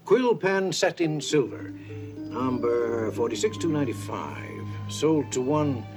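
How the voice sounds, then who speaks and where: A fussy eccentric antique collector. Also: male voice, mid-range voice, very animated, unhurried, over music. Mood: wistful.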